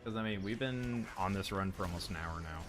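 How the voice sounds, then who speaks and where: Deep-voiced man chatting over gameplay. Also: a little fast, music in the background. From United States. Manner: rambling, joking to chat. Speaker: streamer. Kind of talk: casual gameplay chat.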